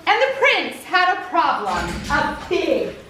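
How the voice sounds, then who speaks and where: A woman leading a children's show, telling a fairy tale and calling out questions to the kids in an animated way. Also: extremely high pitch, slow pace. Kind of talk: interactive storytelling to children. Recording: echoey hall from far off, noisy.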